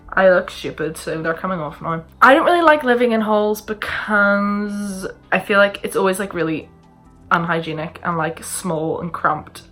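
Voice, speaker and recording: Answering viewer questions on camera, this young Northern Irish vlogger rambles in a casual, self-deprecating way. Her pitch sits fairly low, and her tone is pushed and bright. Somewhere in another room, music plays faintly.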